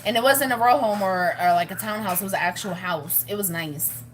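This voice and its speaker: A woman's voice: mid-range voice, fairly quick. A woman vlogging in a rambling, chatty way, laughing often as she talks to her viewers. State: pregnant, with morning sickness. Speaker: family vlogger. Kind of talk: casual chat to camera.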